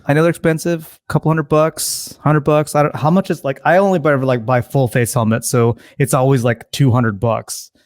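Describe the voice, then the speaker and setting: A man's voice: mid-range voice, fairly even intonation, normal speed, hardly any pauses, dry recording, studio quality. A man who laughs easily, a guest in a casual podcast chat.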